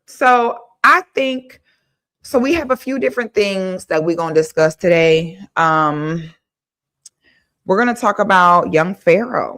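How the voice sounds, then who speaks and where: A woman's voice: medium pitch, a bit bright. A young woman hosting a casual livestream, blunt and outspoken, thanking viewers by name. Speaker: livestream host.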